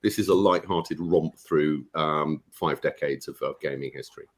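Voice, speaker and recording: A man, a guest author on a live stream, talking about his book in a relaxed, jokey way. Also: very deep voice, moderate pace. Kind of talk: casual live-stream chat.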